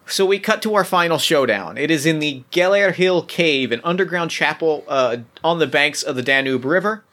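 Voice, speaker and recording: A man's voice: a little high, lively intonation, normal speed, bright, forceful tone. A man narrating as game master of a tabletop role-playing game, rambling with lots of fillers and restarts.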